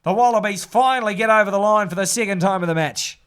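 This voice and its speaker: A man doing casual live play-by-play rugby commentary, brisk and chatty. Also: high voice, a bit bright, clear, resonant tone. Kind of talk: live fan sports commentary.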